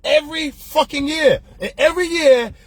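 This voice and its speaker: A man's voice: very high-pitched, normal speed, no room sound. A man hosting his own opinion show, telling stories in a loose, slangy, profane way. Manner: passionate, profane, heated. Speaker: podcast host. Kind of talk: ranting opinion monologue.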